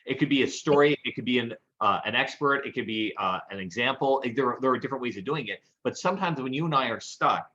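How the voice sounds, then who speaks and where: A man co-hosts a casual podcast and tells animated anecdotes. His voice sits in a middle pitch. The sound is dull and a bit lo-fi. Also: quick pace, few pauses. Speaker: podcast co-host. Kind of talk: casual chat, storytelling.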